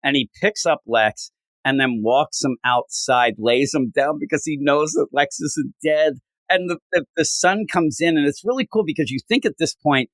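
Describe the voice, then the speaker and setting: A man casually recapping a comic on a podcast, acting out the characters' lines as he goes. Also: no echo. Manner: animated retelling, acting out quotes with big pitch jumps. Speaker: podcast host. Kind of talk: casual comic book discussion.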